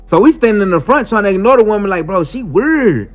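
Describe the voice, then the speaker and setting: This man talks fast with few pauses in a high-pitched voice, casually spinning a wild personal tale in slangy, animated speech and acting out what people said. The audio is a muffled clip carrying faint music.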